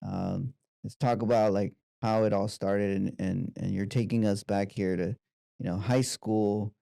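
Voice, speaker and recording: Gravelly low-voiced man hosting a podcast. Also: fairly even intonation, measured pace, no echo, clean studio sound. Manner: warm, encouraging, summarizing questions. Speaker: podcast host. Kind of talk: interview.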